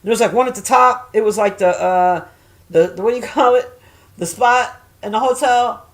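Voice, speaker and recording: A middle-aged woman chatting casually and telling stories, swearing often and jumping loud when she acts out quoted voices. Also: fairly high pitch, normal speed. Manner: profane, animated, acts out quoted voices loudly. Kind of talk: casual storytelling chat.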